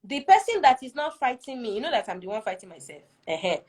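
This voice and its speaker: A woman's voice: on the high side, sing-song, quick pace, darkish tone. A woman telling a personal story as a guest in a casual conversation, earnest and reflective, often checking that the listener follows. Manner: keeps checking in with "do you see?".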